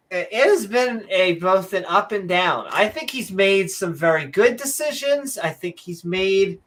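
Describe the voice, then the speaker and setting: Co-host, woman; bright tone, slow delivery, playful rambling banter. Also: lowish voice. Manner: joking, rambling, chuckling asides. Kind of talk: casual livestream chat.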